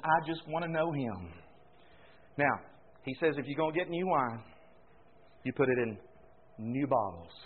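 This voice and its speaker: A man preaching a folksy sermon, swelling suddenly loud and then dropping quiet. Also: a little high, husky. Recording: tinny phone-like recording.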